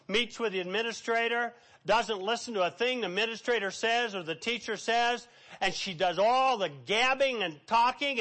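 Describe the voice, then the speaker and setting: A middle-aged male pastor preaching a sermon, emphatic, swinging between loud and hushed. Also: very high-pitched.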